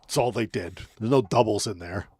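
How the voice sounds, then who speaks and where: A man co-hosting a sports talk show, joking and sarcastic in quick casual banter. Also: lowish voice, warm tone, slightly rough, dry recording, studio quality.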